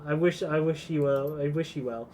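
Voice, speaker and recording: A man reads out a polite woman shopkeeper in a video game, keeping to business. The voice sits a little high and stays close to his own. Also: steady tone, normal speed, a little mellow, natural voice. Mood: businesslike. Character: smooth-talking female shopkeeper.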